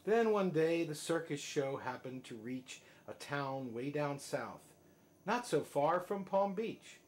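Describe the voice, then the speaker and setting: A father reading a rhyming picture book aloud, sing-song and dropping soft at line ends. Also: a little high, expressive, takes it slowly. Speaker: father reading to his child.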